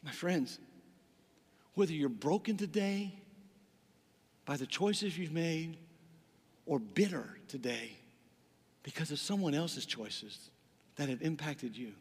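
A man's voice: a little high, animated, takes it slowly, pauses often, breathy edge. Male pastor preaching in a reverberant hall. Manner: dramatic storytelling, acts out quoted voices. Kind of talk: sermon.

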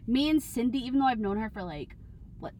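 A young woman chatting casually as a podcast co-host, telling stories with lots of slang and lively acted-out quotes. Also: fairly high pitch, fairly quick, a little hiss or hum. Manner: excitable, slangy storyteller with big animated quotes. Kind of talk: casual chat.

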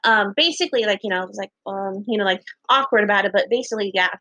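A young woman casually telling a story to her viewers, chatty and laughing often, acting out what people said with big jumps in pitch and casual swearing. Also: rapid-fire, bright, forceful tone, dry recording, low-quality recording.

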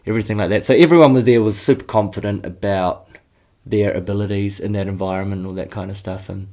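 A man's voice: on the low side, steady tone, quick pace, dark tone. A man in casual podcast chat, laid-back, swearing freely and laughing often as he tells stories.

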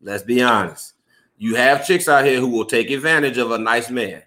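A man hosting a casual, profane chat, animated and laughing often, repeating his phrases as he riffs. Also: mid-range voice, moderate pace. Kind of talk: casual podcast banter.

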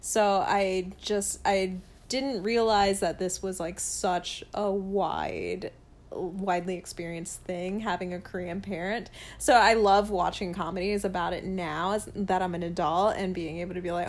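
A woman's voice: on the low side, measured pace. Young woman, casual co-host, easy laugh, from Georgia, no twang. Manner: chatty, laughs easily, animated rises. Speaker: podcast co-host. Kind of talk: casual chat.

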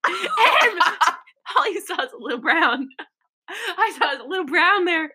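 A woman's voice: extremely high pitch, big pitch swings, unhurried, pushed and bright. A teenage girl co-hosting a podcast, telling stories in a giggly, teasing way. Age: teens. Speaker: podcast co-host. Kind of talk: casual chat.

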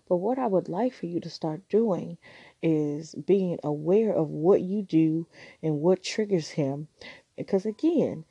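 A woman's voice: lowish voice, warm tone, breathy edge, dry recording. A woman hosting a relationship advice podcast, talking frankly and teasingly in a casual monologue.

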